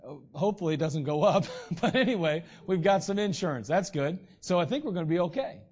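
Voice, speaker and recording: High-voiced preacher, lo-fi. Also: male voice, lively intonation, brisk, darkish tone. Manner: conversational preaching with frequent throat clearing. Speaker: pastor. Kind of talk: sermon. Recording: dull lo-fi recording.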